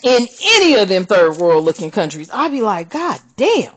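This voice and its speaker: A woman's voice: medium pitch, big pitch swings, a little fast. A woman hosting a spiritual card-reading channel, ranting bluntly and profanely while reading cards.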